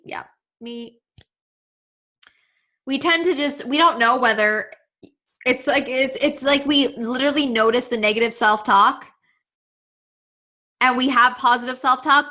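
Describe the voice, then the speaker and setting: A woman leads a live confidence webinar over a webcam. Her voice sits fairly high and bright. She talks earnestly and emotionally, circling back and repeating herself with lots of casual fillers. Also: a little slow, pauses often. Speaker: confidence coach leading a webinar.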